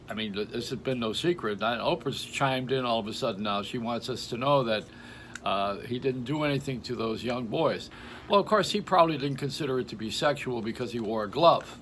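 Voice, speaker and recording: An older man delivers a rambling comic monologue, hopping from topic to topic and chuckling at his own jokes. His voice sits at an ordinary middle pitch. A faint background hiss runs under the recording. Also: fairly bright tone. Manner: joking, stream-of-consciousness, frequent laughs. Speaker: radio host. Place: home in Florida.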